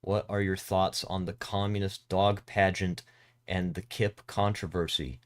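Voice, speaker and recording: A man's voice: low-pitched, flat delivery, a little slow, no echo, studio quality. A man streaming a game, chatting casually, joking, swearing and laughing. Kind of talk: casual gaming stream chat.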